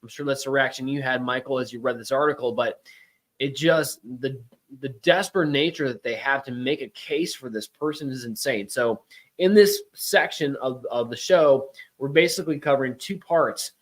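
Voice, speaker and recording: A man's voice: medium pitch, moderate pace. A middle-aged man hosting a casual political talk show, chatty and emphatic with rambling asides. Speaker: podcast host.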